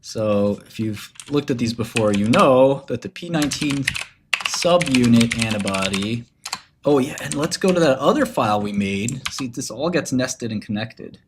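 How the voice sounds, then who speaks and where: A man's voice: mid-range voice, expressive, moderate pace, slight background noise. A man with a mid-range voice chats casually on a livestream. He rambles, curses freely, and leans into mock-menacing storytelling. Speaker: streamer.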